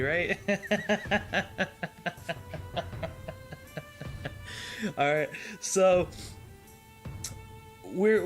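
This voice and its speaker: Guy with a slightly high voice rambling through a game war story, laughs a lot, faint music under it. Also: a bit bright. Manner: chatty, laughs often, many fillers and restarts. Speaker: gaming video host. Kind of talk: casual gameplay storytelling.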